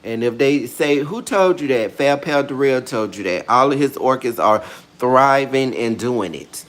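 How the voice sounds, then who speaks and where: A man's voice: mid-range voice, a little slow, fairly bright tone. Man, sassy vlog host, chatty, playful, dramatic asides, mid-range voice. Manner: sassy, chatty, calls viewers girl and honey. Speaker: orchid care vlogger. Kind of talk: casual how-to vlog chat.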